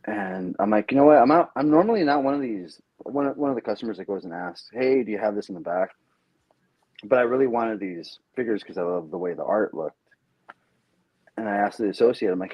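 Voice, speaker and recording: A man chatting as a podcast guest, telling stories with lively acted-out quotes. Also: fairly low pitch, brisk, husky, dry recording, lo-fi sound. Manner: animated storyteller, acts out quotes. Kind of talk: casual podcast chat.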